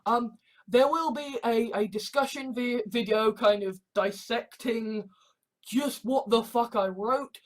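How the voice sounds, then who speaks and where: A woman's voice: fairly high pitch, slow. A woman from England talking in a rambling, profane monologue full of restarts and swearing. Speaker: vlogger.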